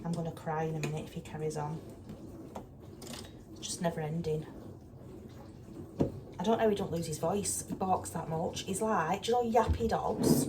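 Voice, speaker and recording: A woman chatting casually in her kitchen while she cooks, exasperated and down to earth. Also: fairly low pitch. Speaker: vlogger. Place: cold home kitchen. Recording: distant mic, loud kitchen noise. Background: clattering dishes and pans.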